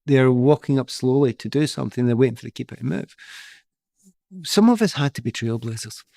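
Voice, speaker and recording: Gravelly middle-aged man telling stories. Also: mid-range voice, fairly quick, no echo, clean studio sound. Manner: laughs often, animated storyteller. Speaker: guest, former footballer. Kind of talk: anecdotal storytelling in an interview.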